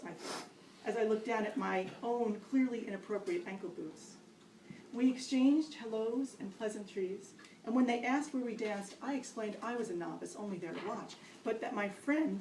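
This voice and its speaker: A woman reads her own story to a live audience in a wry, self-mocking way. Her voice carries the ring of a roomy gallery space and sits a little back from the microphone, with a faint hum of the room behind her. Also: mid-range voice. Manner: wry, self-mocking delivery with lively quoted asides. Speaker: poet reading her work. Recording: roomy, distant live-event recording.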